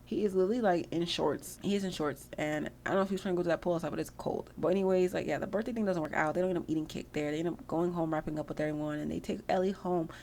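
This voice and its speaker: A woman's voice: on the low side, steady tone, very fast, few pauses, a little mellow, a little hiss or hum. A young woman giving casual, slangy gameplay commentary, chatty and freely swearing. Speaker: gameplay video host.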